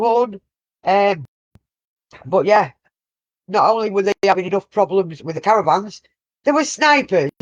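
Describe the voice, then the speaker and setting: A woman's voice: mid-range voice, no echo, lo-fi sound. A woman co-hosting a casual live-stream chat, chatty and sweary. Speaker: co-host.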